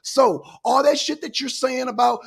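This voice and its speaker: A man's voice: very high-pitched, steady tone, moderate pace, vocal fry, slightly rough. A man hosting a panel debate, profane and angry, talking over his guest. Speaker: show host.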